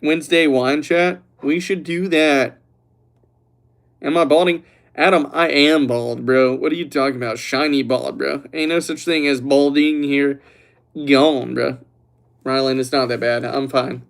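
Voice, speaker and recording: A young man hosting a livestream who chats loosely and teases the viewers while reading their comments aloud, relaxed after a few glasses of red wine. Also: mid-range voice, measured pace, gravelly. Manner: joking, teasing, reads chat aloud. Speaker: livestream host. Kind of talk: casual livestream chat.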